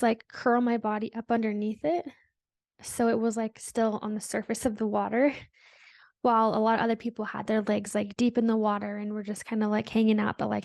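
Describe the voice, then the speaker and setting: A woman's voice: a little high, vocal fry, no echo, studio quality. A woman hosting a spiritual podcast, talking in a meandering, reflective way with many fillers. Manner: meandering, reflective, soft-spoken with frequent "like" fillers. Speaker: podcast host. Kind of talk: casual spiritual monologue.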